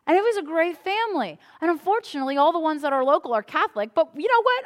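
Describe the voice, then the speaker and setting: A woman's voice: sits high, animated, fairly quick. A woman pastor preaching a conversational sermon to a congregation, acting out little prayers as she goes. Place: church before a congregation.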